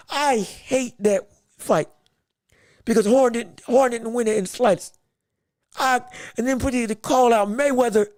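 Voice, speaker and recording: A man's voice: extremely high pitch, darkish tone, no room sound, clean studio sound. A man hosting a boxing podcast livestream, talking emphatically and repeating himself when worked up. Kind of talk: livestream sports commentary.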